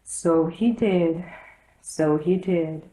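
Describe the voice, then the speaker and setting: A woman's voice: lowish voice, very slow, mellow, roomy sound, poor audio. A woman playing a blunt, impatient Gryphon. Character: gruff, blunt male Gryphon.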